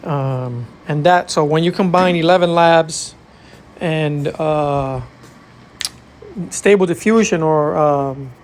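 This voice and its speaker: A man's voice: fairly high pitch, takes it slowly, slight background noise. A man hosting a casual tech tutorial, talking through his screen with an easygoing, hesitant manner full of fillers. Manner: relaxed, hesitant with many fillers.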